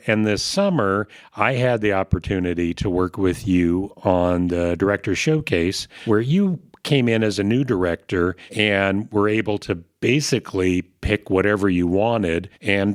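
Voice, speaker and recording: A man with a somewhat low voice hosts a casual interview podcast. He keeps things friendly and nudges his guest along with open questions. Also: no room sound, clean studio sound. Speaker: podcast host.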